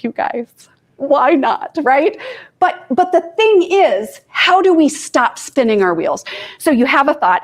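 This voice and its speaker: A woman life coach from Kansas giving an informal talk to students, chatty and self-deprecating, with asides to her audience. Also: on the high side.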